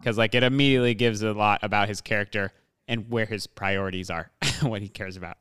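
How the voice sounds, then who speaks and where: A man's voice: on the low side, fairly even intonation, brisk, a bit bright, clear, resonant tone, no echo, studio quality. A young man co-hosting a casual movie podcast, rambling with lots of fillers. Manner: rambling, filler-heavy, laughs often. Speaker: podcast co-host.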